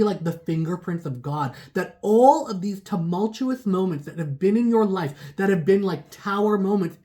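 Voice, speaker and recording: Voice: medium pitch, dark tone. A spiritual reader giving a casual intuitive reading to viewers, sassy and emphatic, calling them baby and honey. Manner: gets fired up and emphatic.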